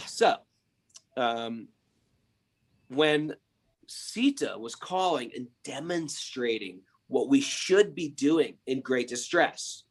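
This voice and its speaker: Animated man telling spiritual stories. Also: mid-range voice, slow pace, slightly rough. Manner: animated, emphatic, rhetorical questions. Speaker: podcast host. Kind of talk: spiritual storytelling and teaching.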